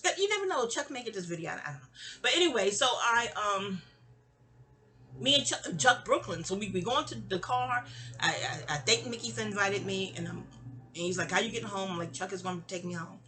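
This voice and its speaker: A woman's voice: medium pitch, expressive, a little fast, bright, forceful tone. A woman, telling a personal story in a casual, rambling audio-diary style, stammering and restarting and acting out quoted lines.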